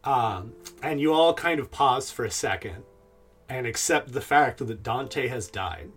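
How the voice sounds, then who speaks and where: Relaxed male game master narrating. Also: medium pitch, slightly rough, soft background music. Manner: relaxed, with many "uh" pauses.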